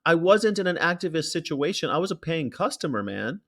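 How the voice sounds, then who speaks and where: Animated, lively-pitched American man. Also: brisk. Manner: animated, acts out quotes, swears freely. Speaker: podcast host. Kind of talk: casual storytelling chat.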